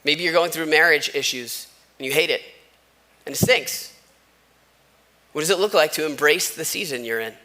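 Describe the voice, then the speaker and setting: A man delivers a sermon in a relaxed, conversational way and tells stories with little asides. His voice sits a bit high and has a bright, forceful edge. He sounds like a pastor talking to his congregation. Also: normal speed, long pauses. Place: church sanctuary. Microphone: wireless microphone.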